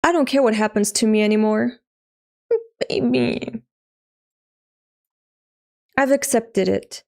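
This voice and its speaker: A woman reading aloud as a resigned teenage girl facing death, in a flat, weary way, her voice gravelly. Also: on the high side, slow pace.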